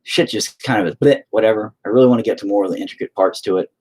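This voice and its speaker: A man with a lowish, darkish voice races through a casual, profane chat with viewers while he paints. He rambles and puts himself down in a self-deprecating way.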